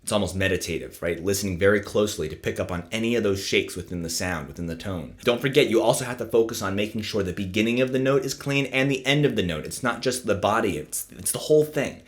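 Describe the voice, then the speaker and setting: A man teaching saxophone in a casual instructional video, explaining his practice routine in a relaxed way and often checking in with "right?". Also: on the low side, quick pace, hardly any pauses.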